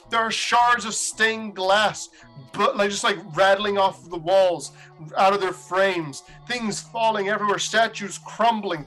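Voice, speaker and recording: A man hosting a casual story recap, animated and laughing as he goes. His voice is bright and sits a little high, with faint music underneath. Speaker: host.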